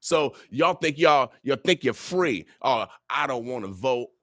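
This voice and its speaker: A man from Omaha hosts a morning radio show and talks like a preacher, driving his points home with refrain after refrain. His voice sits at an ordinary middle pitch for a man. The sound is dry and close, as from a studio microphone. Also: lively intonation, a little slow, fairly bright tone, no echo. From Omaha, Nebraska, USA. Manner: emphatic and sermon-like, with repeated "oh yeah" refrains. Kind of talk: preachy motivational radio talk.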